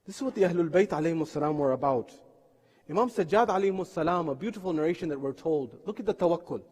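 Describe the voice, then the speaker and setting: A man's voice: on the high side, lively intonation, quick pace, a little mellow, breathy edge. A man preaching a sermon in a mosque, telling stories earnestly and asking rhetorical questions. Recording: long reverb of a mosque hall.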